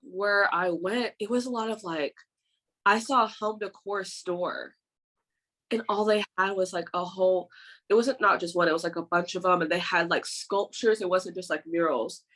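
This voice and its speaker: A woman talks in a loose, rambling way, often pausing to hunt for the right word. Her voice sits on the low side. She is a co-host in a relaxed podcast chat. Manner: rambling, searching for words, with frequent "um" and "like". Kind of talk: casual chat.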